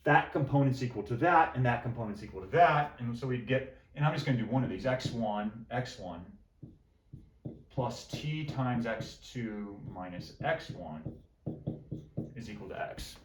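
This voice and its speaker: A man's voice: mid-range voice, animated, normal speed. A man lecturing on math to a class, repeating phrases and joking with students while he works at the board. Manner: repeats phrases, jokes with students, talks to himself while writing. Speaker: math professor. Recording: roomy echo.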